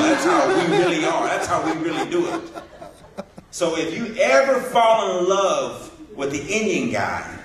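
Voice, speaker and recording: Male stand-up comic, high, lively voice, echoey hall, audible crowd. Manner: animated storytelling, acting out other people's voices. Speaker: stand-up comedian. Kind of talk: stand-up comedy set. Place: hall with a live audience. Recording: echoey hall from far off, audience laughing.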